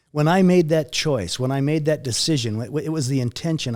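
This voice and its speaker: Halting, soft-spoken man telling a painful story. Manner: halting, repeats words, voice drops low and soft at painful moments. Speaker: guest recounting a near-death experience. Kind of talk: emotional personal storytelling.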